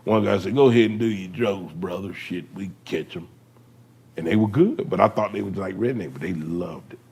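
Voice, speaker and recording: A husky-voiced man in his fifties trades comedy stories in a relaxed conversation. He tells them with animation, jumping into characters' voices as he goes. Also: low-pitched, normal speed. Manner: animated storyteller, voices characters with big laughs. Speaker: guest comedian. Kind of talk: storytelling comedy chat.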